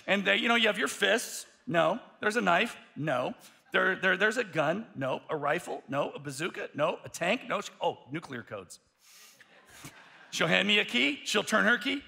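Gravelly, bright-voiced male pastor preaching. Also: high voice, normal speed. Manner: animated storytelling with repeated restarts. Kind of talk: sermon.

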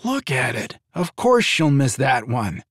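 A man's voice: medium pitch, big pitch swings, unhurried, fairly bright tone, no room sound, clean studio sound. A man voicing a weary adult dragon-shifter father who mutters and groans in exasperation. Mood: exasperated.

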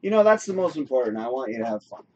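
Animated man, lively chatty host. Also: medium pitch, rapid-fire, highs cut off, a little hiss or hum. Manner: animated, encouraging, says "you know" a lot. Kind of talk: casual chat.

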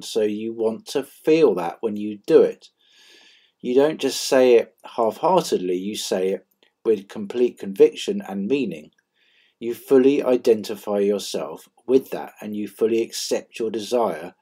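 A man's voice: on the low side, warm tone, breathy edge. A man hosting a channel, earnestly explaining a self-help method and repeating key phrases for emphasis.

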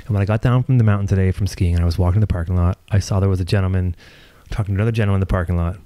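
A man's voice: sits low, fairly even intonation, rapid-fire, mellow, dry recording. A man hosting a casual podcast chat, rambling through a story with lots of restarts and casual swearing. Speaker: podcast host.

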